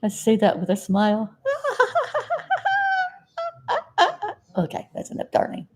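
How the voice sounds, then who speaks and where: A woman from South Florida chatting casually to camera as a vlogger, folksy and rambling, with sudden loud outbursts followed by sheepish apologies. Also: medium pitch, steady tone, brisk. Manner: folksy, talks aside to her dog.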